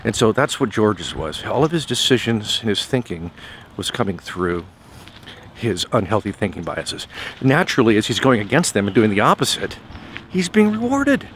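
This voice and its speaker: A man's voice: lowish voice, big pitch swings, moderate pace, a bit bright, slight background noise. A man casually telling a story in a motivational vlog while out on a walk, often repeating words as he goes. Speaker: vlogger. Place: outdoors on a walk.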